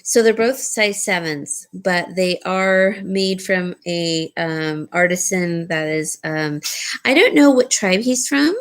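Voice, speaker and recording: Slow, rambling woman selling jewelry. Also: lowish voice, animated. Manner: rambling, with frequent ums and restarts. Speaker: jewelry seller. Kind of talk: casual jewelry showcase talk.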